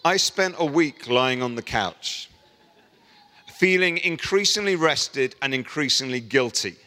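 A middle-aged man preaches, telling a story and acting out the voices of the people in it. His voice is bright and forward. It rings out with a long reverb, as if he stands in a large hall. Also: mid-range voice, a little slow. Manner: storytelling, animated voicing of quoted people. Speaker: pastor. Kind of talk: sermon.

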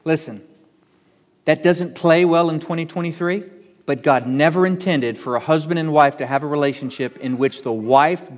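A pastor preaches a sermon in an animated, high voice that swoops up and down with emphasis. He repeats words to press his points, and his voice carries a long church reverb.

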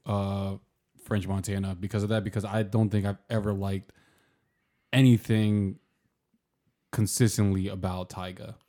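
A man's voice: on the low side, a little slow, long pauses. A man chatting casually on a podcast, telling rambling, profane stories full of "like" and playful asides. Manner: animated, profane storyteller who hedges with "like".

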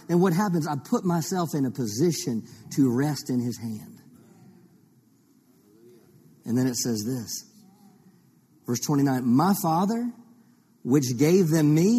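A man's voice: fairly high pitch, mellow, breathy edge. A man preaching a teaching sermon as pastor, reading scripture and posing rhetorical questions to the congregation. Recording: long reverb of a large hall.

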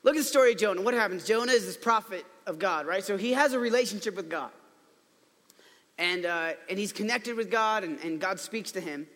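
A man preaching a casual, conversational sermon, telling the story chattily with playful asides and quick restarts. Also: sits high, fairly bright tone. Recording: long hall reverb.

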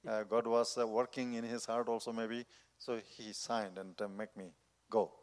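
A man's voice: on the low side, level tone. Earnest man giving testimony in a reverberant hall. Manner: earnest, halting non-native phrasing. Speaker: missionary preacher. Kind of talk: personal testimony. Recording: long reverb of a large hall.

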